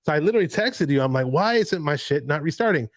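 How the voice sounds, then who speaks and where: Excited rambling sports show host man. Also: on the high side, fast talker, dry recording. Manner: excited, rambling, laughs often. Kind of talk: casual football chat.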